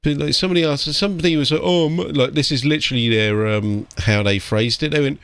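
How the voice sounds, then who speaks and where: A man's voice: medium pitch, quick pace, a bit bright, smooth, no echo. A British man who paints miniatures chats casually on a live stream, ranting and swearing, with "like" and "mate" in every sentence.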